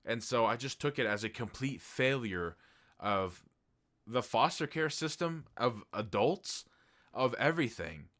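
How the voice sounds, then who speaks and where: A man's voice: mid-range voice, expressive, measured pace, a bit bright. A man giving a casual spoken TV review in a blunt, heated way, swearing freely. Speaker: TV show reviewer.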